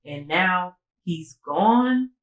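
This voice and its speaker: A woman's voice: on the low side, drawn-out words, roomy sound, lo-fi sound. A woman co-hosting a casual storytime podcast, recounting a personal story with lots of "like" and acted-out dialogue. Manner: animated storytelling, acting out quoted dialogue, frequent "like"; sobering, emotional retelling. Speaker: podcast co-host.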